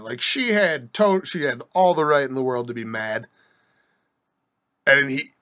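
A young man with a slightly higher voice than most tells a long story on his podcast. He rambles and restarts, throws in asides, and keeps a wry, joking edge throughout. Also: a bit bright. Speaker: podcast host. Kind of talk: casual storytelling monologue.

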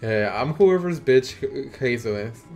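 A man's voice: medium pitch, lively intonation, creaky, a little mellow, soft background music. Playful Mexican-accented man live-streaming a game. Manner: playful, teasing banter with viewers, quick laughs, swearing. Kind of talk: casual gaming live-stream chat.

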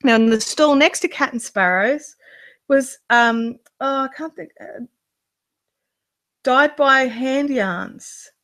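A woman's voice: a little high, a little slow, fairly bright tone, no room sound. A woman, a yarn vlogger gushing in casual show-and-tell chat, full of restarts. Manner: gushing, chatty, many restarts. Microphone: handheld mic near camera.

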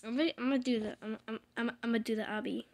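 A young woman giving casual, rambling commentary while playing a video game, playful with loud excited outbursts. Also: fairly high pitch, rapid-fire, gravelly. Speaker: gamer. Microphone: desk microphone.

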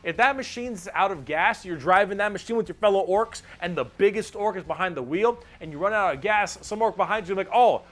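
An excitable young man rattles through a casual explainer, his voice sitting a bit higher than most men's. He rambles and swears freely, full of enthusiasm. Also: brisk, hardly any pauses. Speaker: video narrator explaining game factions.

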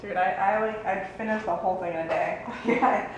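Excitable woman in an echoey room. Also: medium pitch, a little fast, highs cut off. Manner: excitable, blurts and laughs. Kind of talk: casual chat. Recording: very echoey room, faint noise.

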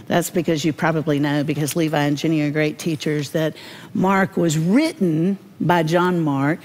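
A woman giving a devotional Bible teaching, folksy and humorous, with animated storytelling. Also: sits low.

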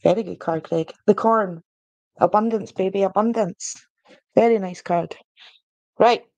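A young woman hosts a live stream as a podcast host doing oracle card readings, chatting playfully with viewers, giggling, and reading the cards aloud. Her voice is medium-pitched and darkish, at a measured pace, in a dry, muffled recording.

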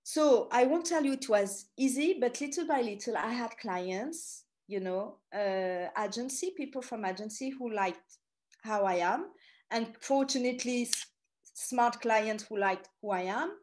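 A middle-aged woman from France with a French accent, telling stories in an animated, chatty presentation full of asides. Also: on the high side, unhurried. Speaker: tour guide giving a talk. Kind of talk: storytelling presentation.

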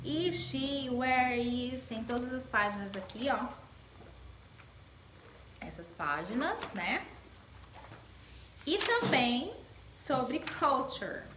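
A woman teacher with a Brazilian Portuguese accent, explaining a lesson slowly and switching between Portuguese and English. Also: sits high, sing-song. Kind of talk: bilingual classroom lesson. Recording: echoey room with clear background noise.

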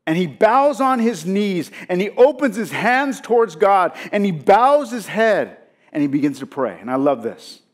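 High-voiced, animated male pastor preaching. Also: moderate pace. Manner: animated, emphatic preaching with rhetorical questions to the congregation. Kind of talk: sermon.

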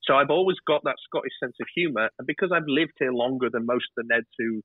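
Fast and husky at a medium pitch, this fifty-something television director with a northern English accent talks candidly as a guest in a casual interview, telling stories and swearing freely. The sound is dry and muffled, like a phone line.

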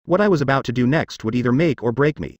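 A man's voice: mid-range voice, lively intonation, fast, darkish tone, dry recording, lo-fi sound. A man narrating a fantasy web novel audiobook in the first person, with a wry, sardonic inner monologue.

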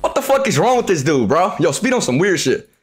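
A young man live streaming, loudly talking to his chat with profane, hyped trash talk and frequent shouting. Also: high-pitched, sing-song, a little fast, soft background music.

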